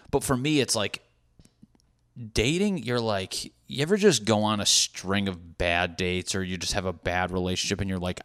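A man in his thirties chatting casually on a podcast, rambling and swearing freely with self-deprecating humor. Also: lowish voice. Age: 30s.

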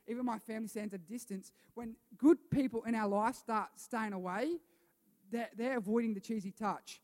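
Male pastor, high voice, chatty sermon delivery with a hall echo. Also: a little mellow. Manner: chatty, repeats himself, asks the congregation questions. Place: church hall with a congregation. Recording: long reverb of a church hall.

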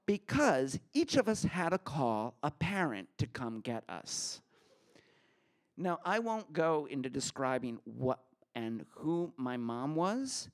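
A man telling a personal story at a live story slam, lively and animated. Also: medium pitch, takes it slowly. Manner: animated, acts out the other people in his story. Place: theater stage before a live audience.

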